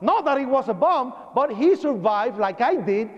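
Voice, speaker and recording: A man with a very high voice gives a dramatic eyewitness lecture, acting out shouts and sounds as he goes. His pitch swings lively across the account. It sounds like dull broadcast audio from a long-echoing hall. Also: normal speed. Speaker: eyewitness speaker. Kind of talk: public lecture testimony.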